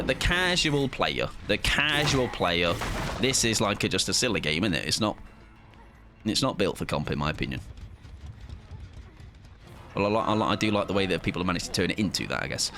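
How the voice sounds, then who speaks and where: A young British man streams a game live, talking in a loose, rambling way with casual swearing and lots of false starts. His pitch swings widely as he chats. Game music plays clearly underneath his voice. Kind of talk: casual live gameplay commentary.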